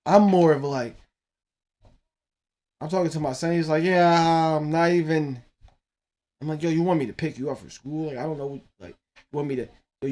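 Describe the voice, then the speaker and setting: This is a man in his thirties hosting his own podcast, his medium-pitched voice a little mellow. He rambles casually about his teenage son, his talk loose and profane, broken up by laughing asides.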